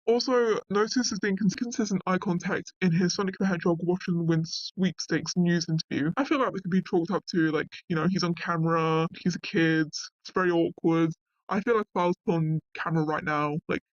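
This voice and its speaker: High-voiced man reading and reacting. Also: no echo, muffled recording. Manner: reads passages aloud then reacts bluntly, with swearing. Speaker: commentator reading a wiki article aloud. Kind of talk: casual reading and commentary.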